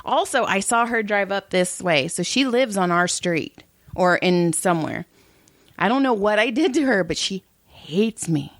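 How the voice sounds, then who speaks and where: Expressive and unhurried, a mid-range female voice carries this casual podcast conversation. The middle-aged co-host tells profane family stories with blunt delivery, acting out each quote, in a dry, studio-quality recording.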